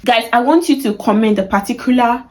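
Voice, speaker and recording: A woman's voice: a little high, a little fast, darkish tone, poor audio. Chatty Nigerian woman teaching slang. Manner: chatty, laughs often, acts out sample phrases playfully. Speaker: language teacher. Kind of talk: casual video lesson.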